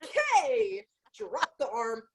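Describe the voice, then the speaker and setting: A woman co-hosting a podcast, telling a story in a casual, profane, animated way and quoting herself. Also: high-pitched, slow pace. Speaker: podcast co-host.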